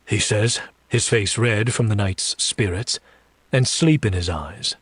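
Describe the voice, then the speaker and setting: A man narrating a dark romance audiobook, reading slowly and seductively and voicing a demon in first person. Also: on the low side, lively intonation, husky, no room sound.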